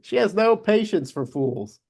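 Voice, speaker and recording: A man co-hosting a casual sports podcast, chatty and quick to laugh, often restarting his sentences. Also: sits high, very animated, gravelly, a little mellow. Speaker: podcast co-host.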